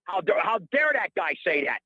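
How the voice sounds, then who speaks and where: A man's voice: sits high, very animated, brisk, no echo, phone-quality sound. A middle-aged man calling in to a radio show, ranting in a heated, rambling, indignant way and repeating himself. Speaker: caller. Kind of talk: heated call-in rant.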